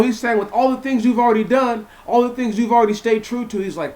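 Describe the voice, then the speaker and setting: A man's voice: very high voice, fast, few pauses. A young man reading scripture aloud and breaking off to explain it casually, repeating himself and asking listeners questions. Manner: animated, repeats words, asks listeners questions. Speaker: Bible teacher. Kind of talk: informal Bible reading and commentary.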